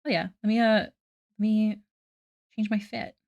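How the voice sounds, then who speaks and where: A woman's voice: medium pitch, level tone, normal speed, darkish tone, dry recording, highs cut off. Chatty woman streamer, dry close mic. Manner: chatty, self-deprecating, laughing often. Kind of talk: casual live-stream chat.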